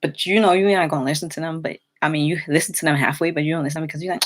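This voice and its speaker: A woman's voice: sits low, steady tone, rapid-fire. A young woman telling a rambling, chatty story for her vlog, full of fillers and restarts. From New York City. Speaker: vlogger.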